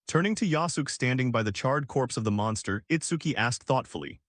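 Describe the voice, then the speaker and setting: A male narrator who reads a story recap with dramatic flair. His pitch swings a lot, and the dry, close sound has no room echo. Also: animated, a little fast, few pauses.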